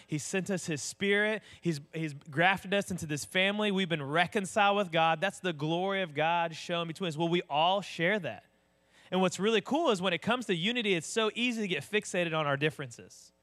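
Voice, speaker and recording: A man's voice: sits high, normal speed, fairly bright tone. A man preaching a sermon, conversational and direct, asking the congregation questions. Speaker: pastor.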